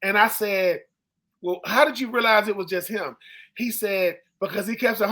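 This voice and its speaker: A man's voice: high voice, moderate pace. A man in his forties co-hosting a sports podcast, telling stories casually and acting out the people he quotes. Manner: animated storyteller who acts out quoted people. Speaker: co-host, former football player.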